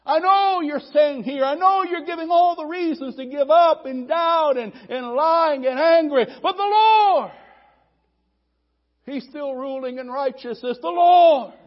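Preacher guy, super high voice, goes from soft to shouting in rhythm, muffled old sermon audio. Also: a little slow. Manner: builds from quiet teaching to shouted, rhythmic preaching.

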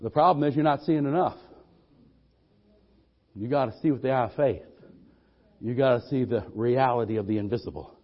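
A man's voice: mid-range voice, normal speed, long pauses, muffled recording. A man preaching a sermon in a church, fervent and calling for amens from the congregation. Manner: fervent, call-and-response.

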